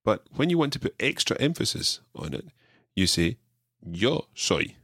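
A man teaching a podcast language lesson, drilling his learner with clear repeated phrases. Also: on the low side, big pitch swings, normal speed, fairly bright tone, no room sound, studio quality.

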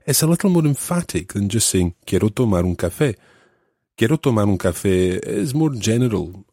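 Male podcast teacher with a head cold, patient and measured; low, husky, dry close sound. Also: dark tone, no echo. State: stuffed up with a cold. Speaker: language podcast host. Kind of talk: explaining grammar in a podcast.

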